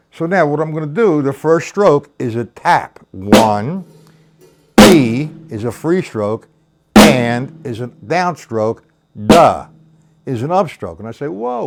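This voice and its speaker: A man's voice: fairly high pitch, animated, a little slow, loud music behind the voice. A man teaching a live-streamed drum lesson. He counts rhythms aloud, calls out stickings and talks to viewers by name. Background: drum kit.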